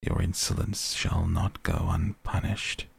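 A man voicing an angry male beast in a bedtime story, speaking slowly, hushed and stern. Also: low-pitched, animated, gravelly, breathy edge, no echo, exaggerated voice. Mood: furious.

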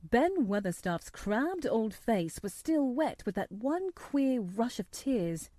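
A woman narrating a storybook in a measured, steady reading voice. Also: on the high side, dry recording. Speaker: audiobook narrator.

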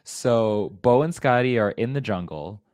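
A co-host of a TV recap podcast with a dry, low-key delivery. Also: lively intonation, measured pace, darkish tone, no echo. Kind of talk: casual recap chat.

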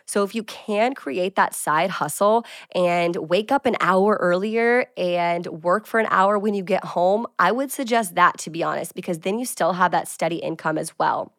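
A woman's voice: fairly low pitch, normal speed, few pauses, a bit bright, no room sound. Woman in her twenties, casual host monologue, upbeat, filler-heavy, dry recording. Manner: chatty, upbeat, lots of "like" fillers. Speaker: fitness creator and show host. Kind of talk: casual business tips monologue.

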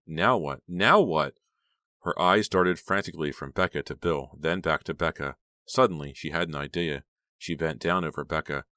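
Deep-voiced male audiobook narrator. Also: bright, forceful tone, no room sound, clean studio sound. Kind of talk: scripted horror audiobook narration.

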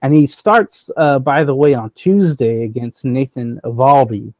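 A man chatting about baseball, pausing often with fillers as he works out his thoughts. His pitch is middling, and his voice comes through a dull, lo-fi mic with almost no room sound. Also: no room sound. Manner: hesitant, many fillers, thinks aloud. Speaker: sports podcast co-host. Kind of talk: casual baseball chat.

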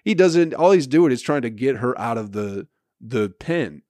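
A man's voice: mid-range voice, normal speed, no echo, studio quality. Profane man ranting on a podcast. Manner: swearing, animated storytelling with laughs. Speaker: podcast host. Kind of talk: profane comedic rant.

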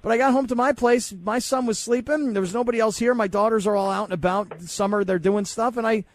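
A middle-aged male radio host with a fairly high voice talks in a dry, wry, self-deprecating way. He sounds close to the mic in a dead studio. It is easygoing banter. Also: steady tone, brisk, no room sound. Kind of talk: casual sports radio banter.

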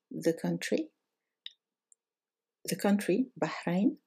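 An Arabic teacher gives a recorded language lesson at a slow, unhurried pace, her voice low, mellow and gravelly. She patiently explains each point and draws out the example words.

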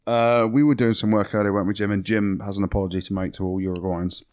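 An English former rugby player hosting a podcast, opinionated and teasing in casual sports banter. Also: male voice, lowish voice, steady tone, fast, a little mellow, clean tone, dry recording. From England.

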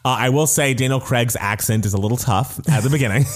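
A man co-hosting a casual podcast, chatty and animated, laughing often as he talks about movies and music. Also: mid-range voice, fast. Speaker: podcast co-host.

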